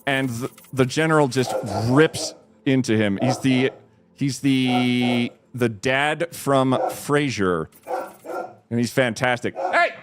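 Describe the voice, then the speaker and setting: A man streaming from home, retelling a film with excitement, restarting sentences and leaping up in pitch at the dramatic moments. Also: takes it slowly, background noise. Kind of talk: animated storytelling while gaming.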